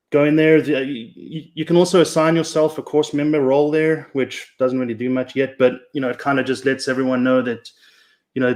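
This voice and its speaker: A man with a South African accent, the stream's chat moderator, talking casually with lots of fillers and restarts. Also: medium pitch. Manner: hesitant, many fillers and restarts.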